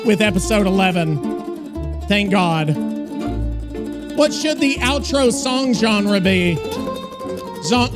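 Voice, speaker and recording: A man hosting a podcast, weary and rambling, cursing often in casual chat. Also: very high-pitched. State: tired. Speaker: podcast host. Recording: music playing behind the voice.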